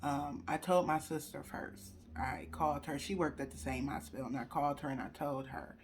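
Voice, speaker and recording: A young female vlogger sits at her computer and shares an emotional personal story with viewers, chatting to them directly while fighting back tears. Her voice is low and steady at a moderate pace, recorded on a computer webcam with a little hiss or hum.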